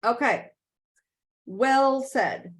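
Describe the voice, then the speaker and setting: A woman with a fairly high voice speaks very slowly as she runs a motivational talk and Q&A over video call. She's emphatic, repeats key phrases and keeps asking "okay?" to check in.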